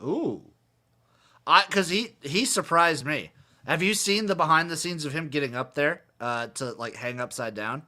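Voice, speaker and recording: A man's voice: fairly high pitch, animated, normal speed, sharp tone. A man co-hosting a podcast in loose casual chat, joking and asking his partner questions. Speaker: podcast co-host.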